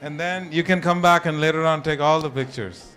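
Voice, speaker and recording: A man's voice: on the high side, brisk, a bit bright, faint music behind. Man politely directing a crowd. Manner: polite, coaxing requests to make space. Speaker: event organizer.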